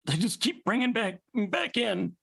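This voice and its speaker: A man's voice: sits high, very animated, unhurried, gravelly, fairly bright tone, husky, dry recording. A man performing an improvised comedy scene, hesitant and full of fillers. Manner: hesitant, many ums and uhs. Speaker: improv player.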